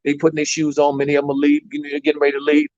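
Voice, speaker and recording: Male coach, lively storyteller, fairly high voice, dull lo-fi audio. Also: very fast. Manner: animated storyteller, repeats words, many fillers. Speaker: basketball coach. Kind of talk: storytelling in a talk show. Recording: dull lo-fi sound.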